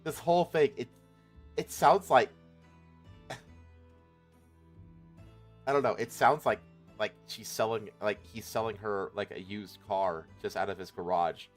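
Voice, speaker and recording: A man's voice: fairly low pitch, unhurried, pauses often, soft background music. A man hosting a reaction stream, talking casually in a rambling way with many fillers, swearing as he reacts to clips. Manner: rambling, filler-heavy, swears and laughs loudly.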